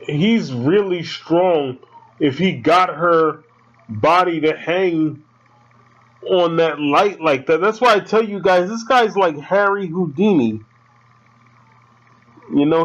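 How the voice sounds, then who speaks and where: A man giving casual commentary over a horror film, excitable and swearing as he talks back at the screen. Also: a little high, takes it slowly. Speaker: fan commentator. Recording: dull lo-fi sound with faint film music.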